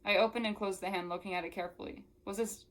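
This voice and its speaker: A woman's voice: medium pitch, steady tone, racing, a bit bright. A young woman who reviews books, reading a novel aloud and breaking off into casual, exasperated asides. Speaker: book reviewer.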